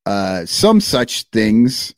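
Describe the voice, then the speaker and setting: A man co-hosting a casual podcast, talking in a loose, profane, animated way. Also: fairly low pitch, drawn-out words, no room sound, studio quality. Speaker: podcast co-host.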